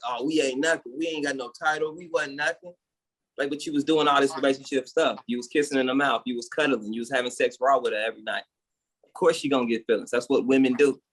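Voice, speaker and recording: A man co-hosting a casual podcast, giving an opinionated, heated rant and laughing at his own jokes. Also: mid-range voice. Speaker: podcast co-host.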